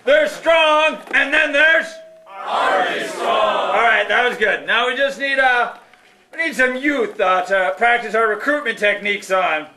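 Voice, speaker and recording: A man's voice: sits high, moderate pace, bright, forceful tone, a little hiss or hum. A man voicing a pushy, upbeat army recruiter puppet who talks like a salesman in a live puppet show, recorded in an echoey hall. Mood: persuading. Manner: salesy, cheerleading.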